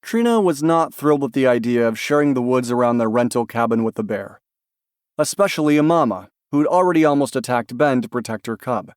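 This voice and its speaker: A man reading a novel aloud as an audiobook narrator, in a calm, even storytelling manner. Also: mid-range voice, a little fast, clean tone, dry recording, clean studio sound. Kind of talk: scripted narration.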